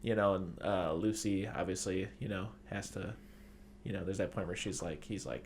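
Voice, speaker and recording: A man's voice: low voice, moderate pace, a little hiss or hum. A man hosting a podcast in casual chat, recapping at length with lots of "like" and "you know" and acting out quoted lines. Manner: acts out quoted lines in shifting voices. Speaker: podcast host.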